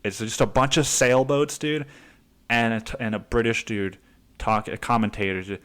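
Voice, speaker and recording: A man's voice: medium pitch, fairly even intonation, moderate pace, fairly bright tone. A man in his twenties hosting a podcast, rambling casually with lots of swearing and laughter. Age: 20s. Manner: rambling, profane, laughs often. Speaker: podcast host. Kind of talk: casual monologue.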